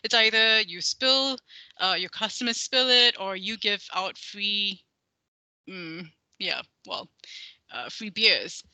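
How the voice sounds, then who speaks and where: A woman's voice: medium pitch, lively intonation, slow, sharp tone, no room sound, rough recording. A woman co-hosting a podcast in casual chat, talking hesitantly with many fillers and restarts. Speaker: podcast co-host.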